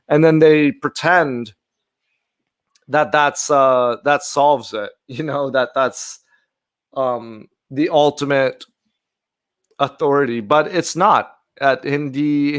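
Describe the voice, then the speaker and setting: A man's voice: mid-range voice, fairly bright tone, smooth. A man hosting his own video, reacting to an old clip in a chatty, earnest way and thinking aloud as he goes. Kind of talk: casual commentary.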